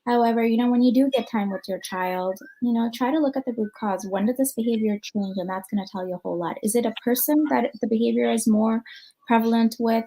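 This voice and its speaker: A woman's voice: on the high side, steady tone, fast talker, mellow, low-quality recording. Chatty American woman psychologist on a call. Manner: conversational, thinks aloud with many ums and you-knows. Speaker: clinical psychologist. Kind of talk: conference talk answering questions.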